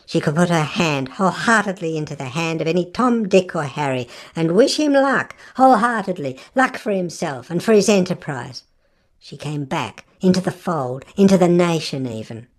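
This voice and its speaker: A woman narrating a literary audiobook in an expressive, wry manner with shifting emphasis. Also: fairly low pitch, moderate pace.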